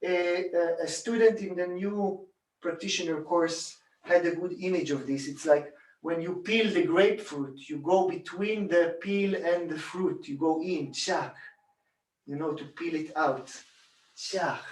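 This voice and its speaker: A man calmly teaching a hands-on bodywork technique, demonstrating as he talks and repeating rhythmic sounds while he works. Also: a little high, a little slow. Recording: roomy echo, distant from mic.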